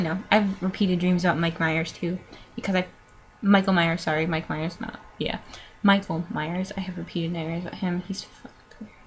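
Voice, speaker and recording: A woman's voice: fairly low pitch, slight background noise. A nineteen-year-old woman casually rambling through follower questions in a vlog, with lots of fillers, sighs and little laughs. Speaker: vlogger answering follower questions.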